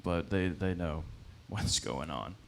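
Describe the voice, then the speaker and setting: A young male stand-up comedian rambles through a loose set on a comedy club stage, speaking slowly in a low voice with vocal fry. He's self-deprecating, says um a lot, and laughs at his own lines, with slight background noise.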